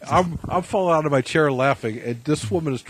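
A man in casual chat, easygoing and quick to laugh. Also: a little high, slight background noise.

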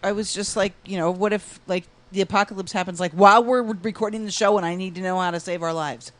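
A woman's voice: medium pitch, fairly even intonation, fast, a bit bright, no echo. A woman co-hosting a radio talk show, chatting in an easygoing, hesitant way. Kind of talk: casual talk show chat.

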